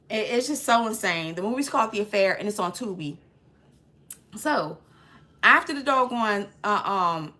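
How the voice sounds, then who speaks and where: A woman giving a casual, slangy movie recap, retelling the plot with lots of filler and acting out scenes as she goes. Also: medium pitch. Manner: lively storyteller acting out scenes. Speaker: movie reviewer.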